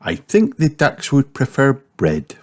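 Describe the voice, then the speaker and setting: A man voicing a calm, kindly mother pig in a storybook reading, with background hiss. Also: on the low side, takes it slowly, voice pushed up, full character voice. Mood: gentle. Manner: gentle, patient.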